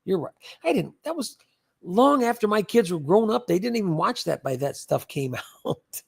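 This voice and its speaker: Older man with a high gravelly voice. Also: sing-song, moderate pace. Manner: chatty, rambling, repeats words. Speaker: livestream host. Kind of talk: casual livestream chat reading comments.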